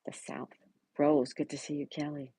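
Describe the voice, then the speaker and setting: A woman's voice: low-pitched, flat delivery, normal speed, slightly rough, no room sound. A woman from Buffalo, New York, hosting a casual livestream, reading viewers' comments aloud and greeting each of them by name. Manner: greets viewers by name and chats back warmly. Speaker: livestream host.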